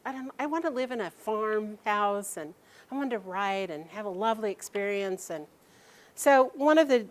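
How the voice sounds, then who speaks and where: Woman, storyteller, personal anecdote, animated, acts out quoted people, halting restarts. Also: mid-range voice.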